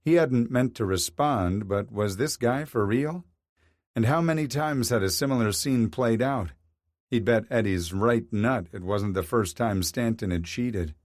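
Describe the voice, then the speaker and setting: A man narrating a story in a measured, even reading voice. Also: medium pitch, dry recording, clean studio sound. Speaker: audiobook narrator. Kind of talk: scripted narration.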